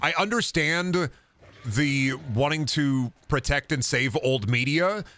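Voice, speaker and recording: A hoarse man streaming a game, chatting casually in a rambling, profane way that keeps restarting. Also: on the high side, takes it slowly, sharp tone, slight background noise. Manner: rambling, profane, self-interrupting. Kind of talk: casual gameplay chat.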